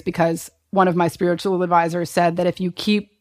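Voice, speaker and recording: A woman in her thirties, a guest in a casual chat, telling an animated story and acting out quotes with laughs. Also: lowish voice, quick pace, hardly any pauses.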